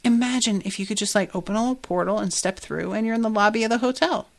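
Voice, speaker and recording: A woman's voice: mid-range voice, fast talker, vocal fry. Woman podcaster, casual episode recap, chatty, swears, laughs a lot. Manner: chatty, profane, laughs often. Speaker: podcast host.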